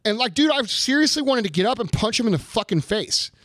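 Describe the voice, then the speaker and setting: A man's voice: extremely high pitch, lively intonation, quick pace, fairly bright tone, no room sound, clean studio sound. A man in his thirties ranting in casual chat, swearing heavily and talking with heat. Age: 30s. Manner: profane, heated ranting.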